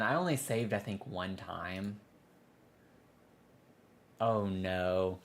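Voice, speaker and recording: Long pauses and drawn-out words mark this game streamer's lowish, fairly even voice. He chats casually through a building game on his livestream, frustrated by bugs and prone to big, dramatic groans when things go badly.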